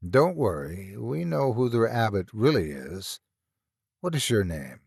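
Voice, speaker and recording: Man voicing a gentle professor, calm, measured, expressive pitch, dry close recording. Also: creaky, breathy edge, no room sound, full character voice.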